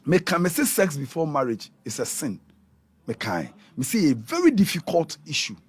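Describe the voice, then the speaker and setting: A man from Ghana with a Ghanaian accent, a pastor talking in a radio interview in an animated preaching manner, switching between Twi and English. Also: fairly high pitch, normal speed, husky.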